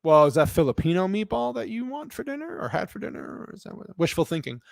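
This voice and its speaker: A man's voice: high-pitched, big pitch swings, quick pace, gravelly, no echo. Cranky man ranting into a dry mic. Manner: cranky, blunt, profane rant. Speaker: streamer reading live chat. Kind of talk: casual ranting commentary.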